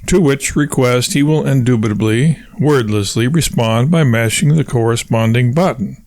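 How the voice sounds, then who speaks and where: A man's voice: mid-range voice, moderate pace, a little mellow, dry recording, natural voice. Brief: man reading a self-important, wordy husband who lectures; dry voice. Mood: pompous. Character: pompous long-winded husband, self-styled colonel.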